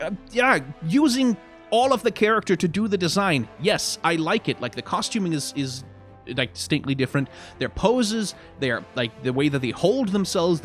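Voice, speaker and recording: A man's voice: a little high, a bit bright. A man giving casual live-stream commentary on game card art, rambling with many restarts, frank and self-deprecating.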